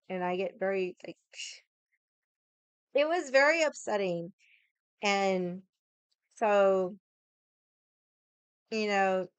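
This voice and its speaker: Forties woman, Boston accent, blunt profane vlog rant, smooth clear voice. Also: medium pitch, no room sound. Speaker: vlogger. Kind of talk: casual rant to camera.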